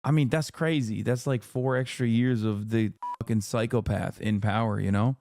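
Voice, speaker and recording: A man's voice: medium pitch, fairly even intonation, a little mellow, slight background noise. Profane, sarcastic man ranting on stream. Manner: profane, sarcastic, fast rants. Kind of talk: live stream reaction.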